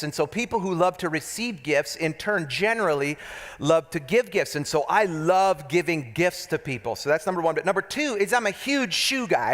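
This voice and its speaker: A man's voice: on the high side, a bit bright. A man preaching a humorous sermon as pastor, telling stories with jokes and asides to the crowd. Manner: joking, storytelling, talks to the crowd with asides. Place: church hall. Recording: long church hall echo.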